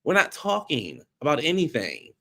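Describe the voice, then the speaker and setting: A man giving casual, blunt recap commentary on a reality show, animated and slangy. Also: normal speed, vocal fry, noisy background. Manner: animated, acts out quotes in high voices.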